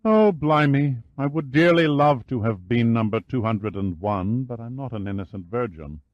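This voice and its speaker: A man's voice: medium pitch, lively intonation, normal speed, no room sound, dull audio, lightly acted. A male narrator voicing a flirtatious British woman of about thirty with a trace of German in her accent. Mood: playful. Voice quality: soft, stammering at first.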